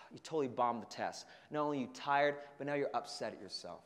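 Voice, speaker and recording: Guy giving a pumped-up talk to high school leaders, acts out little scenes, big echoey hall. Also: fairly quick. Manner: energetic storytelling with acted-out voices. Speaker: keynote speaker. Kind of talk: motivational talk to students. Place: large conference hall. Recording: long hall reverb.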